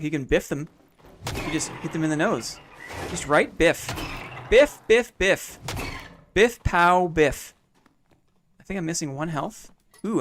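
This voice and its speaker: Chatty Canadian streamer, slightly high voice. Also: male voice, a bit bright, a little hiss or hum. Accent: small-town Canadian. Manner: chatty, thanks viewers, playful sound effects. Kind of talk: casual gameplay commentary.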